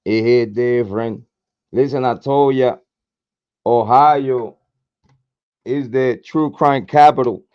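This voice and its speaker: A hoarse man hosting a true crime livestream, cursing freely and hyping his chat with repeated chants, speaking into a desk mic. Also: medium pitch, fairly even intonation, slow pace, pauses often, dull audio. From Puerto Rico. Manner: profane, repetitive hype chants. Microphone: desk microphone, camera off.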